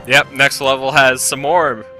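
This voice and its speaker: A man's voice: mid-range voice, level tone, a little slow, sharp tone, faint music behind. A man playing a video game and commenting casually, joking and swearing freely. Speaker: let's play host and player.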